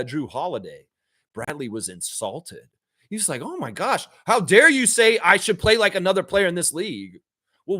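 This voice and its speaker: Animated ranting male sports host. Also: no echo, studio quality. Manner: animated and swearing, jumping up high for emphasis; mocks people with put-on quoted voices. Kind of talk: profane ranting commentary.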